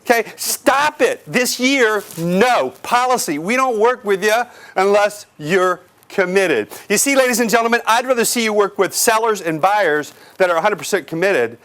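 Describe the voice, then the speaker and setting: A man giving an energetic real estate sales training seminar to a live audience, asking the crowd questions and acting out clients. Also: high-pitched, normal speed, few pauses. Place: office or meeting room with an audience.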